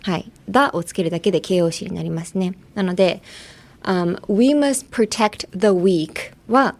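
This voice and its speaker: On a podcast's bilingual English lesson, a woman chats casually and laughs easily, slipping between English and Japanese. Her voice is fairly low-pitched with a darkish tone.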